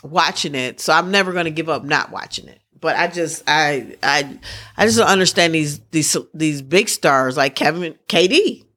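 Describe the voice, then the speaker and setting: A woman's voice: low-pitched, moderate pace, a bit bright. A woman hosting a podcast, rambling through sports news in casual chat and often restarting her sentences. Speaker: podcast host.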